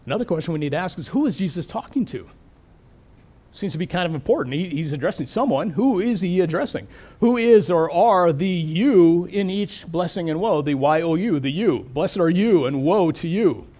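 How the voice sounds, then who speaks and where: A middle-aged man preaching a sermon, thoughtful and questioning, slowing down to stress key words. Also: sits high, animated, warm tone. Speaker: pastor.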